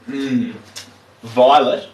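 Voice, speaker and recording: A man's voice: medium pitch, fairly even intonation, very slow, a little mellow, distant mic. A man with a New Zealand accent chatting casually to live viewers while he paints, trailing off as he works. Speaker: artist streaming live. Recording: roomy, mic set back from speaker.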